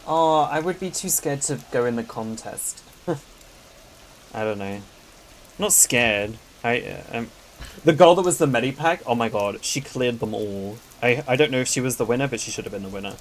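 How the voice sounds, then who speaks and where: A woman's voice: rumbling low, expressive, normal speed, a little hiss or hum, low-quality recording. A woman streaming a game, chatting with her viewers and giggling often between comments. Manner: chatty and giggly, with frequent laughs. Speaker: gaming streamer. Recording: game music loud in the background. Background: game soundtrack music.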